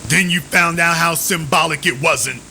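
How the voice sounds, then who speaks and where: A man's voice: a little high, moderate pace, gravelly, sharp tone, soft background music, low-quality recording. A man hosting a live stream, giving emphatic commentary, with sarcastic, repeated rhetorical questions.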